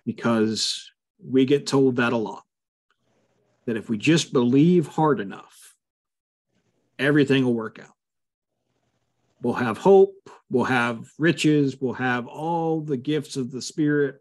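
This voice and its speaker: A man's voice: mid-range voice, unhurried, pauses often, darkish tone. Man leading a casual Bible study. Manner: conversational, frequent fillers, emphatic asides. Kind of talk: casual teaching over a video call. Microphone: video call.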